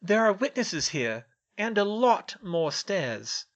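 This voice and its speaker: Brief: a man putting on a high, smug teenage witch girl, cool and composed in a storybook reading. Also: sing-song, takes it slowly, a bit bright, full character voice. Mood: calmly warning.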